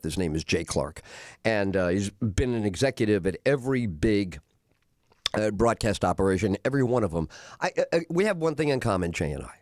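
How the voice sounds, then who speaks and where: Animated middle-aged male radio host. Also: lowish voice, dry recording, studio quality. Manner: animated, acts out other voices in his anecdotes; frequent "uh" fillers. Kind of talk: storytelling monologue.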